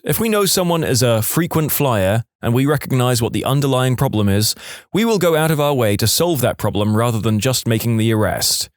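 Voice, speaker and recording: A man's voice: medium pitch, no echo. Guy reading reddit stories, wry, voice goes up and down a lot, dry close mic. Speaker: story narrator. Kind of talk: reading online stories aloud.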